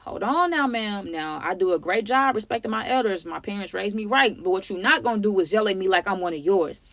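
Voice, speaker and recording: A woman in her twenties telling a personal story to her viewers in a sassy, chatty, animated way. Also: mid-range voice, brisk, no room sound. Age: 20s. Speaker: storytime vlogger.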